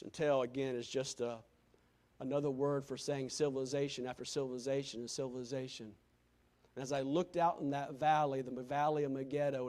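High-voiced, impassioned preacher man. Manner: impassioned, swinging from loud exclamations to hushed near-whispers. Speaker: pastor. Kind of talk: sermon.

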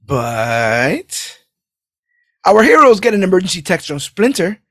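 A man recapping a movie in casual podcast chat, animated and laughing as he acts out lines. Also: high voice, slow, no echo, studio quality. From New York City. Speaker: podcast co-host.

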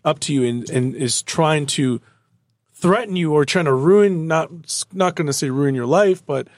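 A man's voice: fairly high pitch, normal speed, dry recording. A man in a casual chat who rambles through stories with many fillers and swearing.

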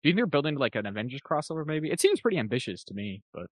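Fast-talking joking male podcast host. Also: mid-range voice, dry recording. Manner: fast, animated, jokey, does quick impressions. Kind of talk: casual comedic chat.

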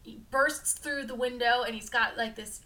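A woman's voice: fairly high pitch, fairly even intonation, normal speed, bright, forceful tone, distant mic. A woman co-hosting a podcast, steadily recapping a film in casual chat, with frequent murmured agreement. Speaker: podcast co-host.

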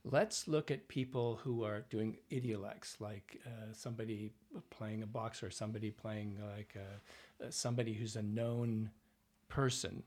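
Husky-voiced male dialect coach. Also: on the low side, measured pace. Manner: animated anecdotes, acts out voices, frequent fillers. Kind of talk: conversational interview storytelling.

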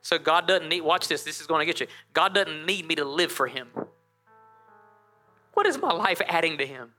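Bright, high-voiced male pastor preaching. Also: normal speed, soft background music. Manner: lively, conversational preaching with call-and-response. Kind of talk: sermon. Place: church.

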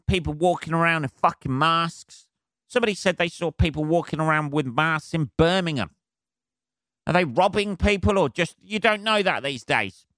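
A man's voice: fairly high pitch, a bit bright, smooth, no echo, clean studio sound. A man hosting his own podcast, ranting alone in a sarcastic, rambling, heavily swearing way. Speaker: podcast host. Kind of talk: solo comedic rant.

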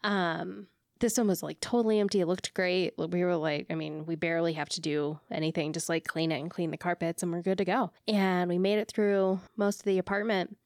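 A woman's voice: mid-range voice, no echo, studio quality. A woman chatting casually, telling stories animatedly and acting out the people she quotes. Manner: animated, acts out quoted lines. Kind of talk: casual chat.

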